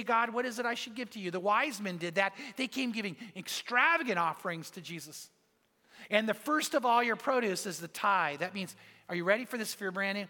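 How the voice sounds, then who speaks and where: A man's voice: sits high, pushed and bright. A man preaching a sermon as pastor, telling a story in an earnest, emphatic way. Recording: long reverb of a large hall.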